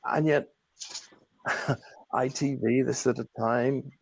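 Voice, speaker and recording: A man's voice: medium pitch, fairly even intonation, takes it slowly, gravelly, slightly rough. A TV presenter, a man, speaking indignantly in a TV interview. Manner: indignant, complaining.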